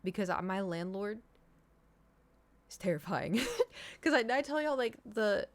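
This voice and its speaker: A woman's voice: mid-range voice, lively intonation, measured pace. A young woman streamer rambling through a casual story, full of "like" and "you know". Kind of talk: casual chat.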